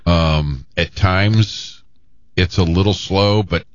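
Very deep-voiced, halting male co-host. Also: no echo, dull audio. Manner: halting, with many fillers. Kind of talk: casual banter on a radio show.

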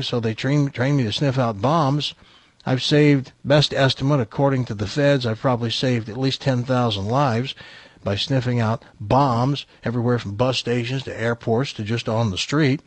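A man's voice: medium pitch, dry recording, close to an everyday voice. A man voicing a chatty, boastful eight-year-old male talking dog in a joke. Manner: chatty and coaxing, brags casually.

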